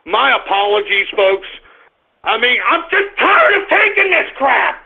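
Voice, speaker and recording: Man, talk radio host, high voice, exasperated, swears, rambles with restarts, tinny phone-like sound. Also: sing-song, a little slow, creaky, husky. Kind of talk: live call-in radio rant. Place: home office.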